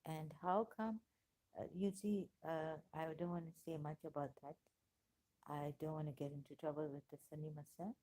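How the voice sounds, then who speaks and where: A woman's voice: low-pitched, steady tone, normal speed, mellow. A woman vlogging in a rambling personal monologue, hesitant and full of fillers and restarts, with emotional exclamations.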